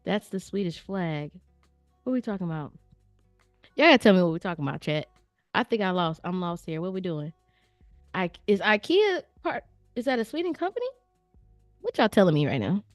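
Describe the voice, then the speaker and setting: A woman's voice: lowish voice, big pitch swings, fairly quick, long pauses, no room sound, studio quality. A woman hosting a live stream, chatting casually and playfully with her viewers in a slangy, direct way. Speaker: livestream host reviewing viewer artwork. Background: faint background music.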